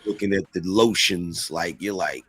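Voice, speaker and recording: A man being interviewed, telling stories in an easygoing way full of street slang. His voice sits somewhat low. The recording is dry and close, with no room echo. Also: moderate pace, breathy edge. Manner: relaxed, slangy street talk. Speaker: interview guest, online commentator. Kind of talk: casual storytelling in an interview.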